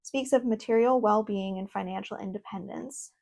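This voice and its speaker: A young woman in a casual vlog, reviewing an oracle deck at home, reading card meanings aloud between excited, chatty asides and laughs. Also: medium pitch, moderate pace, vocal fry. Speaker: tarot content creator. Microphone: own microphone.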